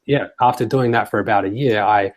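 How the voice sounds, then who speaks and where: Hesitant low-voiced man in conversation. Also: fairly quick. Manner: hesitant, searching for words. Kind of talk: casual discussion.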